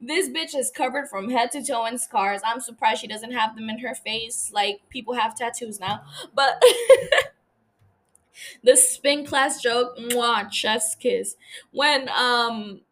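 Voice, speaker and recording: A woman's voice: fairly high pitch, takes it slowly, fairly bright tone. A young woman hosting a podcast, chatting casually about a TV show. She rambles, laughs often and swears freely. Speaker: podcast host. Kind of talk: casual TV recap chat.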